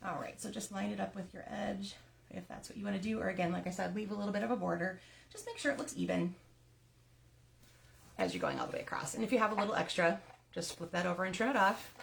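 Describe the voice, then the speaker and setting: A woman with a gravelly edge to her voice talks viewers through a card-making project one step at a time. She chats casually as she works, laughing now and then at her own slips. A faint hiss sits under the recording. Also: medium pitch, animated, fast. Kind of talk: live crafting tutorial.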